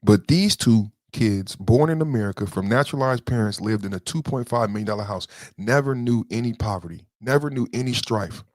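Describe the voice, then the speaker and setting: A man's voice: on the low side, a little fast, hardly any pauses, a little mellow, dry recording. A man hosts a podcast in heated livestream commentary, emotional and profane. He circles back on his points and speaks straight to commenters. The sound is close and dry with no room in it. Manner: emotional, profane, repeats himself, talks straight to chat commenters. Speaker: podcast host.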